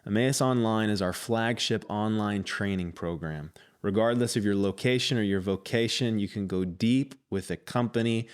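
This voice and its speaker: A man breaking in with a brisk, inviting promotional announcement. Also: lowish voice.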